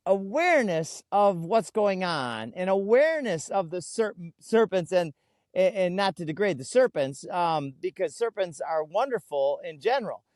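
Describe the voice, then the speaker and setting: A man speaking as an interview guest, telling stories earnestly and slowing right down to stress his key words, recorded outdoors. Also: sits high, no echo, studio quality. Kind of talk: conversational interview. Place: outdoors in a food forest.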